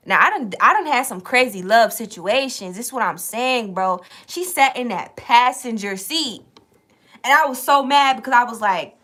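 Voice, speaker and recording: Animated, profane young woman. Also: on the high side, normal speed. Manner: animated, profane, streetwise, re-enacts conversations. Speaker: tarot reader and channel host. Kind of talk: casual storytime monologue.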